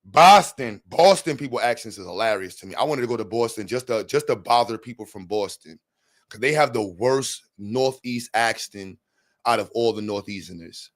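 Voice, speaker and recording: A man's voice: lowish voice, moderate pace, no room sound, studio quality. Joking, profane streamer man. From New York. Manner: profane, joking, laughs often, trails off. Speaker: live streamer. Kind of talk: casual chat with live chat.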